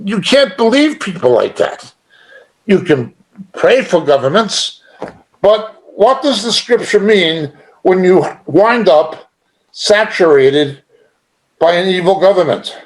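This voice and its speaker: A man's voice: high-pitched, animated, slow. A middle-aged man teaching an informal sermon in a conversational, emphatic way, chuckling now and then. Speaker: Bible teacher.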